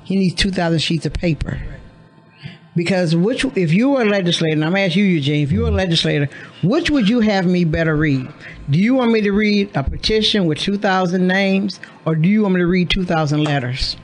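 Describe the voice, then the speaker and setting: A woman's voice: lowish voice, lively intonation, fairly quick. A woman radio host talking in a studio, explaining emphatically and acting out quoted dialogue. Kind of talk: casual radio conversation.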